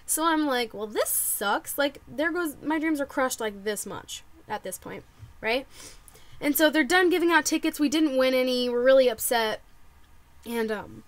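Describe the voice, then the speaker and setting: A young woman telling a story to camera in casual vlog chat, excitable and full of "like". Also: sits high, normal speed. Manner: bubbly, excitable, lots of "like" and quoted reactions. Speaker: vlogger.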